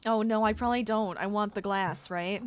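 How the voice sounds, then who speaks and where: A young adult woman keeps up casual chat with her viewers during a game stream, talking to chat and becoming exasperated. Her medium-pitched voice has fairly even intonation, a moderate pace and a clean tone.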